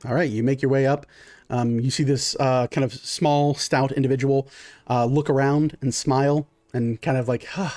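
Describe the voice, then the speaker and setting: A man's voice: medium pitch, fairly even intonation, normal speed, a little mellow, dry recording. A man narrating as game master in a tabletop game, casual with many fillers.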